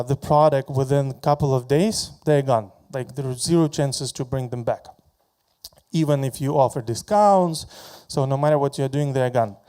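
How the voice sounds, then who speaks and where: A man giving a conference talk about his product, halting often and repeating words as he walks through slides. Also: on the high side, warm tone, smooth.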